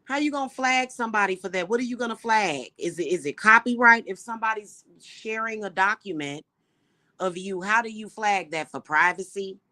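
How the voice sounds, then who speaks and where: A woman hosting a livestream, ranting indignantly at her viewers with exasperated rhetorical questions and slow, emphatic repetition. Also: medium pitch, bright, forceful tone, no room sound. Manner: repeats points slowly and emphatically. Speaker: livestream host.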